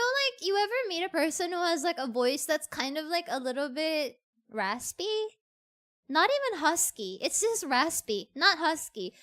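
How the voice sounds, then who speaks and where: A woman VTuber streamer chatting casually on a livestream, excitable and gushing, often repeating herself. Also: very high-pitched.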